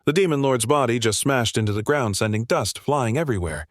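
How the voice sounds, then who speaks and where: A man's voice: medium pitch, lively intonation, a little fast, dry recording, studio quality. A man narrating a comic recap in a casual, slangy, breezy way.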